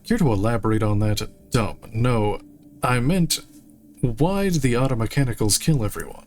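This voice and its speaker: A man's voice: medium pitch, normal speed, darkish tone, soft background music. Dry, jokey man streaming a game. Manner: reads dialogue options aloud, dry jokey asides. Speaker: streamer playing a video game. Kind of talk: casual gameplay commentary.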